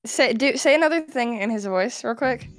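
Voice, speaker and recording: Female co-host on a stream chat, mid voice, quick reactions. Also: a little high, soft background music. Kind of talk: casual livestream chat.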